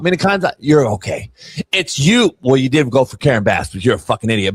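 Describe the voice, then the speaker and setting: High-voiced man ranting profanely. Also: fairly quick, creaky, faint music behind. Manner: profane, swings from shouting to mock-calm mumbling. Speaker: sports show host. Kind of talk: heated sports talk rant.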